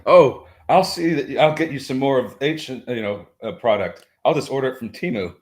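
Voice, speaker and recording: A man co-hosting a stock market show, giving his views in a halting way with many fillers and dry joking asides. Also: mid-range voice, expressive. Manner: halting, many fillers and restarts while thinking aloud. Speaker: co-host and market commentator. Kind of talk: casual market chat.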